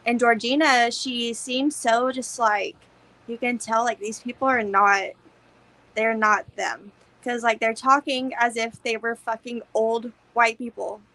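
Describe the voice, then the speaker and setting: A woman's voice: a little high, steady tone, unhurried, sharp tone, low-quality recording. A young woman co-hosting a podcast, chatting casually about a movie, swearing freely and acting out scenes. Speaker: podcast co-host.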